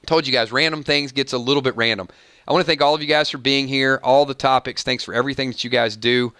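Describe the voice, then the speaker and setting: Fast and smooth, a medium-pitched male voice belongs to a host of a casual live stream who sings playful song snippets between chatting with viewers, all with animated energy. The recording is studio quality without echo.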